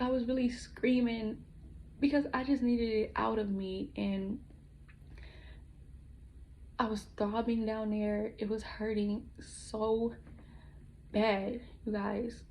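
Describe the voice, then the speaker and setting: A woman telling a personal story in a vlog, halting and emotional, with many restarts, her voice often dropping to a hush. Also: fairly high pitch, vocal fry, slight background noise, low-quality recording. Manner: halting, with frequent restarts and pauses; soft and hushed, dropping at times to a whisper. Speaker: vlogger.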